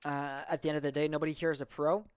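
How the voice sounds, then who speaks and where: Smooth-voiced male esports caster. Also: a little high, level tone, rapid-fire, no room sound. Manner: rambling, self-correcting, chatty. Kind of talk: casual game commentary.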